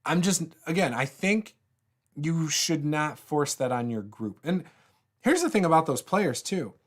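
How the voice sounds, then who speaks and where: A man's voice: fairly high pitch, very animated, unhurried. A man hosting a casual tabletop RPG livestream, rambling and laughing often, with many fillers and restarts as he answers viewer comments.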